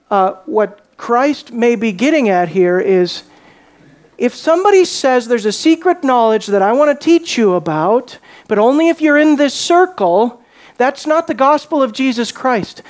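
A man's voice: sits high, a little mellow. A man, a pastor, preaching a conversational sermon, asking the congregation questions and dropping to a whisper to make a point. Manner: drops to a whisper for emphasis.

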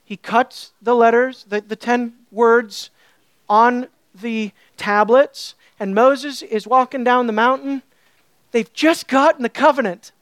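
A woman teaching a sermon, animated and full of rhetorical questions to her listeners. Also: fairly high pitch, slow, no echo. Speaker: Bible teacher.

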